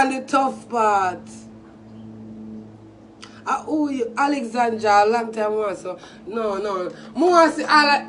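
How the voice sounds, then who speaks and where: High-pitched Jamaican woman in a taunting rant. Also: recorded from a distance, slight background noise. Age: 20s. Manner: profane, taunting, confrontational. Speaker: social media personality. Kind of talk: angry insult rant to camera.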